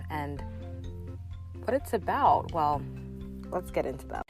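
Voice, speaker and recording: This young podcast host has a low, expressive voice and takes her time, pausing often while music plays underneath. Her solo chat is casual and talky, full of fillers and restarts, as she earnestly encourages the listener directly.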